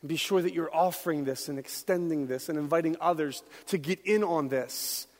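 A middle-aged man preaching a sermon as pastor, swinging from quiet talk to loud shouts. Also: on the high side, brisk. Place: church hall. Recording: long hall reverb.

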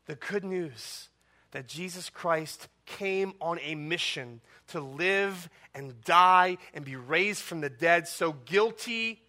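Man, pastor, sermon, high voice, forceful, rhetorical questions, dramatic pauses.

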